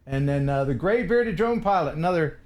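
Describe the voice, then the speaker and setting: Animated American man hosting a live stream. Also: a little high, a little fast. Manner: playful, laughs often, reads viewer messages. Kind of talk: casual live-stream chat.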